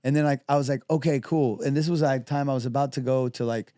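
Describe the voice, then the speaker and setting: A man's voice: medium pitch, fairly even intonation, fast talker, warm tone, no room sound, clean studio sound. A young man, a comedian guest, chatting loosely and casually with lots of fillers. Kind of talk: casual chat.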